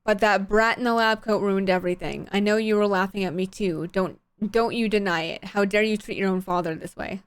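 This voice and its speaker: A woman's voice: mid-range voice, steady tone, brisk, few pauses, clean tone, dry recording, lightly acted. A woman voicing a bitter, arrogant middle-aged scientist father who sneers with contempt while reading a visual novel aloud. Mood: ranting.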